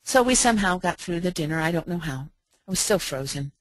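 Middle-aged American woman, low-pitched, gentle reflective storyteller, dry close sound. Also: expressive, no room sound. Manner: gentle, slow, reflective with soft pauses. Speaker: speaker. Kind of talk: heartfelt storytelling talk.

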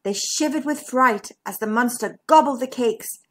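A woman reading a children's picture book aloud in a slow, sing-song, expressive way. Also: on the high side. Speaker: children's storyteller.

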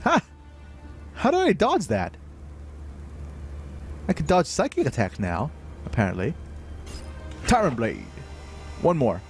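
Slow-talking man streaming a game. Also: soft background music. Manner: excitable, bursts of high-pitched exclamations; thinks aloud with many fillers. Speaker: livestream host playing a game. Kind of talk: live gameplay commentary.

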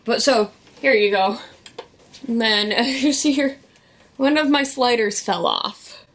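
A woman vlogging, telling a rambling story in a casual, animated way with sarcastic asides. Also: a little high, measured pace. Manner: animated, sarcastic asides, quotes people in voices.

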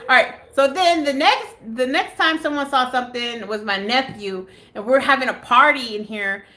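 An American woman vlogging live from her home on a phone camera, telling a story in a casual, animated way, swearing freely and acting out what others said. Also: high-pitched, moderate pace. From United States. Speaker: beauty vlogger.

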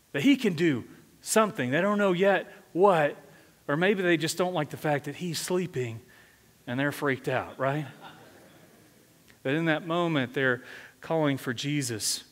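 A man with a high voice delivers a sermon, speaking conversationally and often asking the congregation questions. The sound carries a long reverb, like a big church sanctuary. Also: a little slow, pauses often. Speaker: senior pastor.

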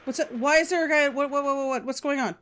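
High-voiced excitable woman gamer. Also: fast talker, a little hiss or hum. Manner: excitable, yelps and shouts at the game; swears freely. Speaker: let's play host. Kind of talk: video game commentary.

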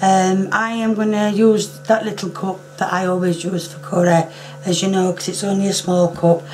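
A hoarse woman who is losing her voice talks casually through a home cooking demonstration. She often clears her throat and apologises. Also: medium pitch, level tone, moderate pace, a little mellow, a little hiss or hum.

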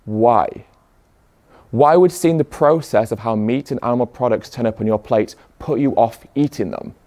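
A man's voice: mid-range voice, moderate pace, mellow. A young man giving a motivational speech to an audience, pressing them with rhetorical questions. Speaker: activist speaker.

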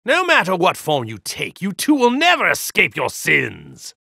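An actor playing a haughty, contemptuous evil god in a hero's body, delivering slow, grandiose game voice lines. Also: male voice, sits high, huge pitch swings, gravelly, bright, forceful tone, no echo, clean studio sound, exaggerated voice. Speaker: video game character.

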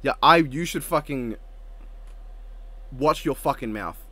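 A man in casual chat, animated and laughing often, swearing freely, recorded with lo-fi home mic audio. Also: medium pitch, measured pace. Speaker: co-host.

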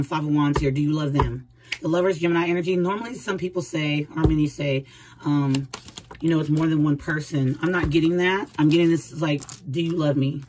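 A woman's voice: low voice, noisy background. A woman giving a casual tarot reading, chatty and speaking straight to the viewer with frequent laughs. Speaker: tarot reader.

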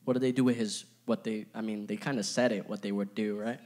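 A man's voice: lowish voice, steady tone, quick pace, darkish tone. A young man giving a casual, playful youth sermon, chatting with his audience and filling his talk with asides. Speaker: youth pastor.

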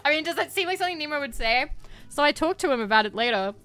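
A woman's voice: sits high, lively intonation, very fast, fairly bright tone, faint music behind. A young woman from Australia chatting playfully with her chat while streaming a game, giggling often. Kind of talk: casual livestream chat while gaming.

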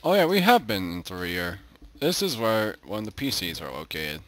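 Deep-voiced goofy gaming YouTuber man. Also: sing-song, moderate pace. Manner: goofy, talks to animals in the game. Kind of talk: casual let's-play commentary.

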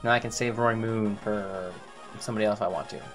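A man's voice: lowish voice, steady tone, fast talker, music in the background. A man giving casual gameplay commentary, thinking aloud, repeating himself and talking to his game characters. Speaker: gaming YouTuber.

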